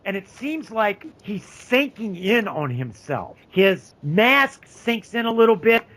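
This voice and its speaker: A man's voice: high voice, big pitch swings, slow pace, shouting, very noisy. A man narrating a tabletop game as game master, describing scenes with frequent restarts.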